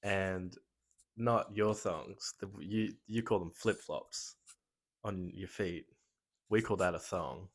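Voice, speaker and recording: A young man from Australia with an Australian accent, chatting casually as a podcast guest, relaxed and dryly teasing. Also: low-pitched, slow pace. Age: young adult. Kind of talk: casual chat.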